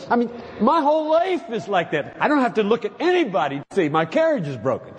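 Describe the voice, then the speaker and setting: A man's voice: sits high, sing-song, fast, few pauses, in a large hall, background noise. A man preaching to fellow pastors, exhorting them with emphatic rhetorical questions. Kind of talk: sermon-style lecture.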